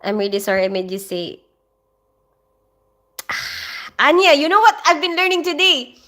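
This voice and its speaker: A woman's voice: high-pitched, big pitch swings, a little slow, pushed and bright. Woman, thirties, casual livestream chat, giggly, rambling. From Philippines. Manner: chatty and giggly, with frequent laughter and rambling asides. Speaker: nurse and livestream host. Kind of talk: casual livestream chat reading viewer comments.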